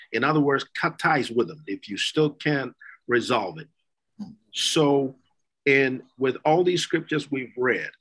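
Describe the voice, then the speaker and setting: A man's voice: medium pitch, fairly bright tone, rough recording. A man hosting a church talk show, reading scripture aloud and then putting a question to his guest. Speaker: host.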